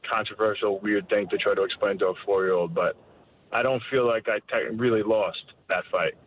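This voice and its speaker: A man in his thirties, a fighter being interviewed, talking candidly with halting restarts. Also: on the low side, fairly even intonation. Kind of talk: casual interview answers. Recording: tinny phone line with faint noise.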